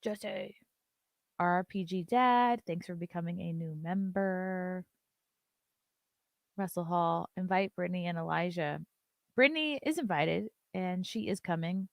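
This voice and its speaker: A woman's voice: on the low side, a little slow, gravelly, no echo, clean studio sound. A woman hosting a live-stream show, chatting loosely, reading viewer messages aloud and swearing casually.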